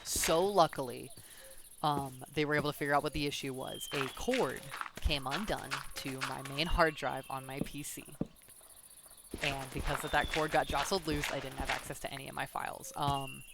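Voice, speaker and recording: A streamer telling a long story while playing a game, in a casual, animated way with many fillers. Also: mid-range voice, normal speed, creaky. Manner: animated, rambling, lots of fillers like "um" and "like". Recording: steady background noise.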